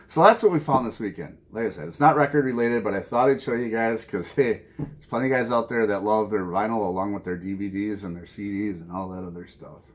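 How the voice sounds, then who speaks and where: A man's voice: lowish voice, fairly quick. Chatty Minnesota man, rambling. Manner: rambling, chuckles often, self-mocking asides. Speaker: vinyl collecting vlogger. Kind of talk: casual chat to camera. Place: home music room with records and speakers.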